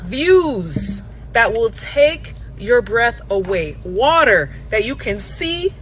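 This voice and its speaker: A woman's voice: a little high, big pitch swings, slow, fairly bright tone, slight background noise. A woman from Miami vlogging in an enthusiastic monologue, emphatic and repeating words for effect.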